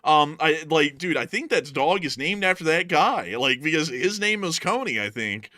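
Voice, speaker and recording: A man hosting a casual war news livestream, slipping between news and jokes with plenty of fillers. His voice is bright and forceful. The sound is close and dry. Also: on the high side, animated, moderate pace, no room sound. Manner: joking, puts on funny voices, fillers.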